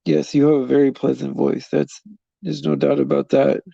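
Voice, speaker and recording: A man with a mellow, gravelly voice chats loosely with viewers on a live stream, meandering between thoughts and chuckling often. The sound is dry and close, with slightly dull, lo-fi stream audio. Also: mid-range voice, flat delivery, moderate pace, no echo. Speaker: livestream host.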